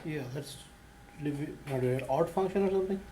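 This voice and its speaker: A man's voice: fairly high pitch, brisk, background noise. A man asking his teacher questions in a math class. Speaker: student.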